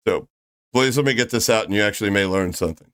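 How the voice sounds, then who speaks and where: Smooth-voiced streamer, calm and sarcastic. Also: male voice, lowish voice. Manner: measured, questioning, dryly sarcastic. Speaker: streamer host. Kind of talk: live-stream debate.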